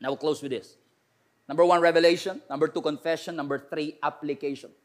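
A middle-aged pastor with a Filipino accent preaches in a bright, high voice. He switches between Filipino and English and keeps drawing answers from his congregation. At times he builds up to forceful shouts. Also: fairly even intonation, fast talker. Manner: preaching with call-and-response, rising to shouts. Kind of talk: sermon mixing Filipino and English.

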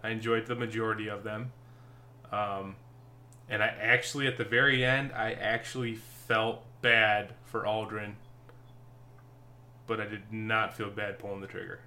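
A man's voice: on the low side, little pitch movement, measured pace, pauses often, pushed and bright, a little hiss or hum. A man co-hosting a casual gaming chat, laughing often and hesitating with ums. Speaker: podcast co-host.

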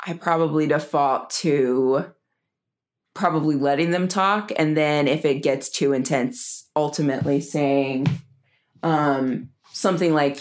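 A woman who works as a family and couple therapist, chatting in a relaxed way and acting out the lines she quotes. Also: deep voice, unhurried. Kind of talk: casual chat.

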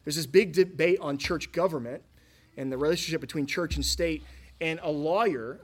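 A male pastor preaching a sermon in a conversational style, often restarting his sentences and asking the congregation questions. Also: on the high side.

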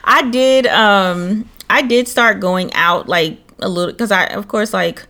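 Sassy, animated young woman podcaster. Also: medium pitch, unhurried. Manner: animated storytelling, sassy asides. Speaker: podcast co-host. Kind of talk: casual chat.

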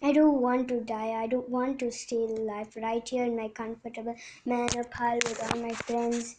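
A woman reading a frightened young male pig's lines, loud and pleading, while retelling a storybook. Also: fairly high pitch, little pitch movement, fairly quick, a little hiss or hum, close to an everyday voice. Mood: desperate. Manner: loud, crying out.

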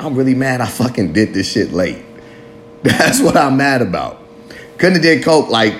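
Against slight background noise, a late-thirties man with a mid-range voice rambles through a candid confessional to the camera, mocking himself and swearing heavily.

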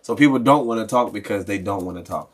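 A man's voice: lowish voice, fast talker, breathy edge. A young man from Maryland hosting a casual solo podcast, ranting with lots of swearing, restarts and chuckles. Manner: profane, rambling rant with frequent laughs. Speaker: podcast host.

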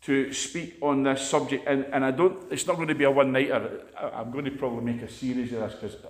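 A Scottish man preaches in a loose, chatty sermon, spinning stories as he goes. His voice sits at a middling pitch. The recording carries a noticeable roomy echo. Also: steady tone, quick pace. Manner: chatty, anecdotal storytelling. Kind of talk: conversational sermon.

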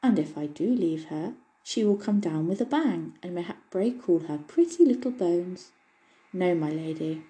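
A woman's voice: fairly low pitch, expressive, normal speed, mellow, lightly acted, low-quality recording. A woman voicing a small, kind, mischievous male elf with a droll, chuckling way of talking, reading a storybook. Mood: teasing.

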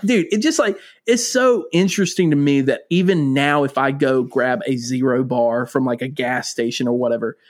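A man's voice: medium pitch, moderate pace, hardly any pauses. A man co-hosting a podcast, chatting casually and telling fond stories with lots of laughter. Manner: animated, laughs often, fond storytelling. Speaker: podcast co-host. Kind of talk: casual chat.

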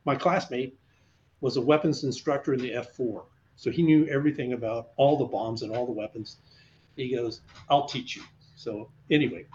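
In a conversational interview, a retired fighter pilot, now older, shares stories with animation and performs the voices of people he quotes. His mid-range voice comes through dull audio with slight background noise.

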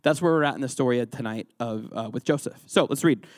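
Speaking quickly in a mid-range voice, a man runs an interactive Bible lesson as a youth pastor, cracking jokes and testing his audience with questions. The sound is clean and studio-made, free of any room sound.

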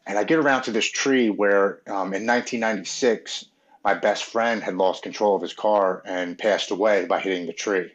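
A man from Maryland, a podcast guest, telling his own recovery story in an earnest, halting, emotional way. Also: lowish voice, fairly even intonation. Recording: dull, muffled audio.

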